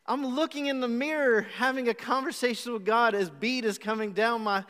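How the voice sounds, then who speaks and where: High-voiced man preaching in a church hall. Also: moderate pace. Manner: animated storytelling with acted-out asides. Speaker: pastor. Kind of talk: sermon. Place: church auditorium. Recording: live church hall with long reverb.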